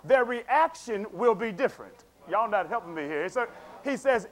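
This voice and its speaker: A man's voice: high-pitched, lively intonation, moderate pace, a bit bright. A man preaching a sermon in a casual, conversational way, repeating words and checking in with the congregation.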